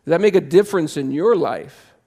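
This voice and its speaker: A pastor preaching a sermon in a church, conversational and impassioned, jumping to loud emphasis. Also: male voice, a little high, animated, brisk, vocal fry. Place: church sanctuary.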